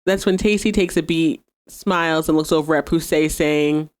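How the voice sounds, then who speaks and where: A woman's voice: deep voice, steady tone, normal speed. A woman hosting a podcast, casually recapping an episode, laughing often and acting out the characters' lines. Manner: chatty, laughs often, acts out quoted dialogue. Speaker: podcast host.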